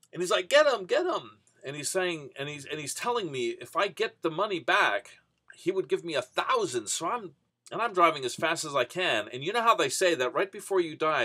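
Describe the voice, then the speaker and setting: A man's voice: fairly high pitch, bright, forceful tone. A man casually telling a rambling personal story, full of "you know" and restarts. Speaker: vending business vlogger.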